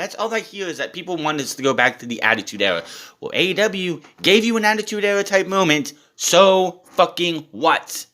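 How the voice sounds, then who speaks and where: A man's voice: a little high, expressive, moderate pace, a bit bright. A young man giving a casual, blunt and profane rant as a wrestling show reviewer.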